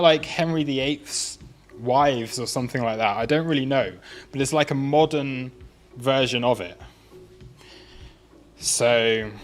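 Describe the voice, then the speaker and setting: Chatty man streaming live. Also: mid-range voice. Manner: chatty, self-amused, laughs often. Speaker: livestream trading host. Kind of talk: casual live-stream chat.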